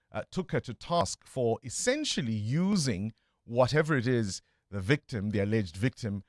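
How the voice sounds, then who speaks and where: A man's voice: medium pitch, no echo, clean studio sound. A man hosting breakfast talk radio, commenting on the news in a conversational way with frequent fillers. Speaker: radio talk show host. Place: radio studio. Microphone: studio microphone.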